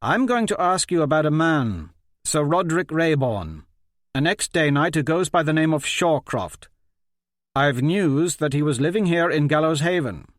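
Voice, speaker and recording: A man's voice: fairly high pitch, lively intonation, moderate pace, dry recording, clean studio sound, voice pushed up, close to an everyday voice. A man voicing a stern young warrior prince who gives impatient commands. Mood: commanding.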